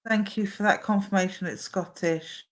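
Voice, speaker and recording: Female medium, talky and warm-paced, live-stream reading. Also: mid-range voice, moderate pace. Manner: chatty, relays messages from spirit.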